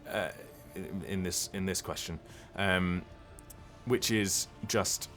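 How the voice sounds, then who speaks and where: A voice actor chatting casually on a live stream, rambling and hesitant with lots of ums and restarts. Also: male voice, sits low, steady tone, takes it slowly, music in the background.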